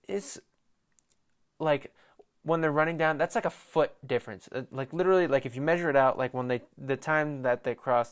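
A young man hosting a casual sports talk show, rambling off the cuff and swearing as he mocks a rival team. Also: a little high. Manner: profane, excitable, mocking rival team; self-deprecating, off the cuff. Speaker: sports podcast host.

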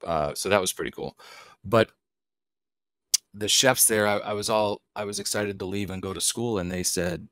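A man's voice: low-pitched, a bit bright, no room sound. A middle-aged man, a wild game chef, talking casually as a podcast guest, an easygoing storyteller who asks and answers his own questions.

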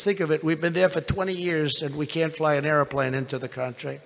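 A man's voice: fairly high pitch, steady tone, a little fast, vocal fry. An older man giving a rambling rally speech, telling an anecdote full of repeated superlatives and asides. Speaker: rally speaker. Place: large indoor convention venue. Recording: long reverb of a big arena.

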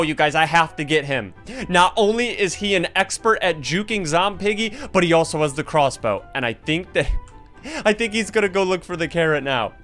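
A bright, high-voiced young man talks over his gameplay, teasing the other players and breaking into quick laughs and sudden yelps. His tone is sharp and lively. Faint game music plays behind him. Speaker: gaming YouTuber. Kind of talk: excited gameplay commentary.

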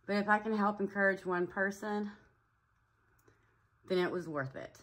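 A woman talking to her own camera at home in a personal vlog, nervous and tearful, halting with fillers and a shaky voice. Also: mid-range voice, a bit bright. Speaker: vlogger. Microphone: camera mic.

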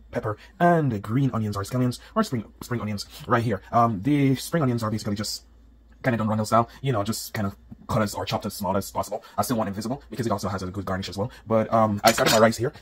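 A man's voice: on the low side, husky. A man from Jamaica with a Jamaican accent, chatting upbeat to viewers while cooking dinner at home. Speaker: home cook. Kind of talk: cooking vlog narration. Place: home kitchen. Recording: home kitchen with loud sizzling pan.

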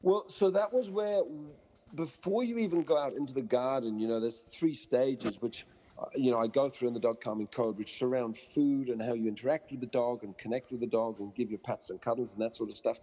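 A man guesting on a podcast as a dog trainer, his voice husky and a little breathy. He tells stories with energy, slipping into the voices of owners and dogs. The recording carries a long, hall-like reverb. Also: medium pitch, fairly quick. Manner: animated storyteller acting out quoted voices. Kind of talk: conversational podcast interview.

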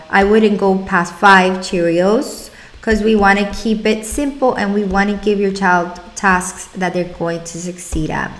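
A young adult woman, a speech-language pathologist, talking parents through exercises in an upbeat way and stretching out words slowly to demonstrate. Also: medium pitch. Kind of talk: instructional talk to parents.

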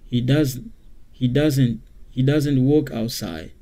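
Slow-paced man teaching grammar. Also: mid-range voice, warm tone. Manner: repeats example sentences slowly, with many fillers. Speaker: English teacher. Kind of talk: slow classroom grammar lesson.

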